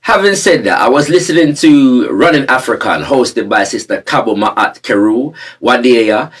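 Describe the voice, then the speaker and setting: A Jamaican man hosts with deliberate, measured commentary. His voice is husky and sits at middle pitch. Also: expressive, fairly bright tone.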